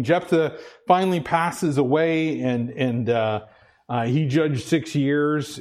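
A man preaching a sermon in a conversational way, often repeating himself and asking the congregation "Amen?", sometimes rising high with excitement. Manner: animated, rises high and loud when excited. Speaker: pastor.

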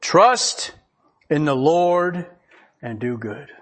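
Husky, slightly high-voiced male preacher. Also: lively intonation, drawn-out words, a bit bright. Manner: folksy, chuckles often, reads scripture aloud. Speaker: pastor. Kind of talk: conversational sermon.

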